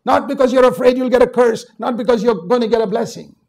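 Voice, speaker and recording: Emphatic older preacher from India, mellow voice. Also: male voice, quick pace, creaky. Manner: emphatic, swings from low asides to loud exhortation. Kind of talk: sermon.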